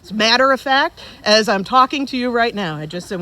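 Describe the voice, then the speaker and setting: A woman's voice: fairly high pitch, expressive, fairly quick, bright, forceful tone. A woman in her forties speaks at her father's funeral, addressing the people gathered in front of her. She tells funny stories in a loose, conversational way, with plenty of ums and restarts. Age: 40s. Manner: conversational, humorous storytelling. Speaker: eulogist, daughter of the deceased. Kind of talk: funeral eulogy. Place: funeral service before a gathered audience.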